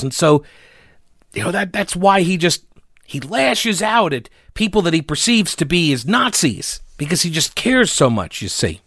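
A man's voice: fairly high pitch, fairly bright tone, dry recording, studio quality. A man hosting a political commentary show, talking in a mocking, sarcastic way as he reads statements aloud and picks them apart.

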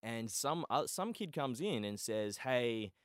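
A man with an Australian accent, hosting a casual podcast chat and telling jokey, animated stories. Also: mid-range voice, unhurried, no room sound, studio quality. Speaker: podcast host and streamer.

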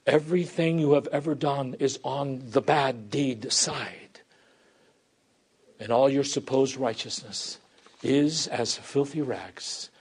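A male preacher delivering a sermon, swinging from loud, emphatic passages down to hushed, quiet lines. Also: medium pitch, breathy edge.

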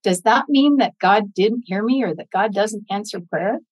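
A woman's voice: mid-range voice, moderate pace, slightly rough, dry recording, rough recording. Earnest woman telling a faith story. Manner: earnest, faith-filled, animated when quoting others. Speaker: podcast guest, Gold Star mother. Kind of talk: interview storytelling.

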